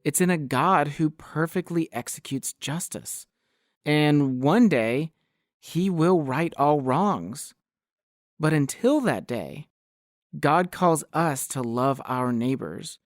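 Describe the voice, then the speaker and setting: A podcast host narrating calmly and reflectively. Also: male voice, on the high side, slow, dry recording, studio quality. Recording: narration over clear music.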